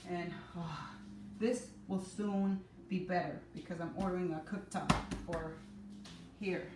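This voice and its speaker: A woman's voice: lowish voice, fairly even intonation, unhurried. A middle-aged woman hosting a casual live cooking class from her home kitchen, chatting with viewers by name and teasing herself. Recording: echoey room, mic at a distance, noisy.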